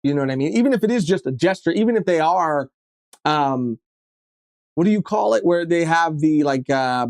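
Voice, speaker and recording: A young man co-hosting a podcast, telling a story in an animated way with lots of fillers and swearing. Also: fairly high pitch, moderate pace, no echo, studio quality. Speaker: podcast co-host. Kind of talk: casual chat. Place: podcast studio.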